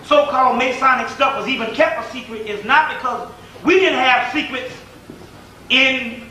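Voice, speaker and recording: A man's voice: very high voice, normal speed, pushed and bright. Man, informal lecturer, rambling and repetitive, heard from a distance. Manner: rambling, repetitive, with many "um"s and restarts. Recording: echoey room from far off, faint noise.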